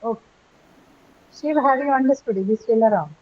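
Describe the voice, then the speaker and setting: A woman's voice: on the high side, fairly quick, a little mellow. Patient woman teacher over a tinny line. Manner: patient, questioning, often checks with "right?". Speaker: English teacher. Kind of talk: online class lecture on word stress. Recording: tinny phone-like call audio.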